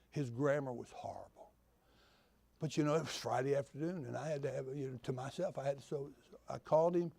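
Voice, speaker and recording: Gravelly man telling folksy stories. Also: medium pitch, dark tone, no echo. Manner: storytelling, homespun humor, repeats key phrases. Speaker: real estate speaker. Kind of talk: folksy motivational talk to an audience. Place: conference venue.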